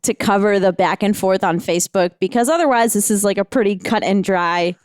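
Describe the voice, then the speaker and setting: A woman co-hosting a podcast in casual chat, reacting quickly with animated comments. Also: medium pitch, clean tone, no echo, studio quality. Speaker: podcast co-host.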